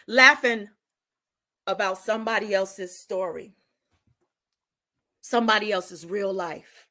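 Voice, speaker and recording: A woman's voice: medium pitch, slow pace, bright, forceful tone. A woman giving indignant live commentary, repeating herself for emphasis and lecturing her viewers. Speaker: commentary streamer.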